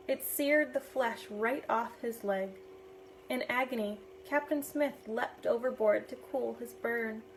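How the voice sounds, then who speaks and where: A woman reading a novel aloud in a steady, expressive way. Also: fairly high pitch, a little hiss or hum, low-quality recording. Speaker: reader.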